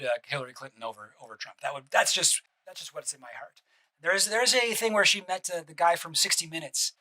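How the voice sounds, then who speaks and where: Fast-talking high-voiced male streamer. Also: pushed and bright, low-quality recording. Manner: rambling, many restarts and asides, blunt swearing. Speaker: streamer reacting to a deposition. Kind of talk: casual reaction commentary.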